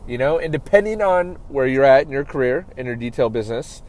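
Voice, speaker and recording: A man who hosts a podcast and works as an auto detailer gives casual business advice in a chatty way. His mid-range, darkish voice is brisk with lively intonation. He keeps checking in with "right?" and often restarts sentences.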